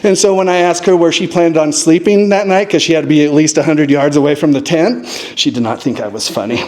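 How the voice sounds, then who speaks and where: High-voiced man telling a lively story. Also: fairly quick. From Montana. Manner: animated, acts out quotes with sudden high-pitched voices. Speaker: storyteller at a live talk show. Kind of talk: live comedic storytelling. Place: distillery stage before a live audience.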